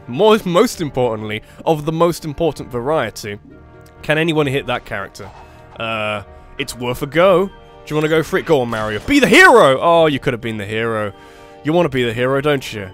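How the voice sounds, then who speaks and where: A man with a sore throat rambling through let's play commentary, often correcting himself and breaking into excited outbursts. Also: medium pitch. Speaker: gaming channel host.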